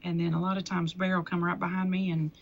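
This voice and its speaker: A woman's voice: lowish voice, flat delivery, fast talker, highs cut off. A woman, a guest who deals in antiques and auctions. She chats casually on a local TV show, laughing often and restarting her sentences. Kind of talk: casual interview chat. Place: local TV studio.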